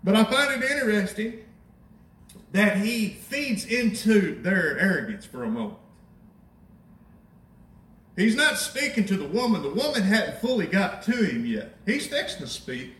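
Animated preacher in an echoey church. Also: male voice, high voice, far from the mic. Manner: conversational, animated, wry asides. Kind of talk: sermon. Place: church sanctuary.

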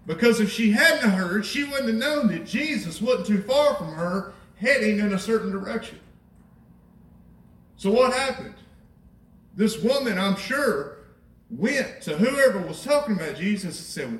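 A man preaching a sermon in a high voice, talking with his congregation and repeating himself for emphasis. His voice comes from some distance and rings through a roomy church. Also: animated, measured pace, long pauses, fairly bright tone. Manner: conversational preaching, rhetorical questions, repeats phrases. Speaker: pastor. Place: church sanctuary. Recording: echoey church from a distant mic.

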